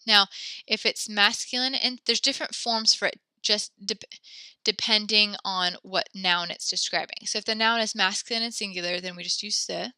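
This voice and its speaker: A woman teaches French to a class over a computer mic, encouraging her students and spelling out verb forms one at a time. Her voice is very bright and sits in the middle of the range for a woman. The sound is dry and close, with keyboard clicks now and then. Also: medium pitch, fairly even intonation, moderate pace, smooth, no room sound. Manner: encouraging, praises students often; walks through conjugations step by step.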